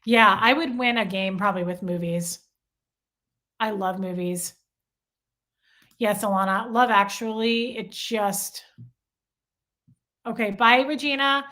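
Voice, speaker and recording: A woman's voice: mid-range voice, takes it slowly, pauses often, pushed and bright. A woman hosting a livestream, chatting casually and gushing as she reads out viewer comments. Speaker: livestream host.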